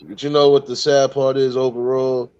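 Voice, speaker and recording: A man's voice: mid-range voice, little pitch movement, mellow, clean tone, no echo. A man hosting a casual panel discussion, talking reflectively and at length, often repeating "man" and "overall". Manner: reflective, drawn-out talk with many fillers. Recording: dull, dry lo-fi audio.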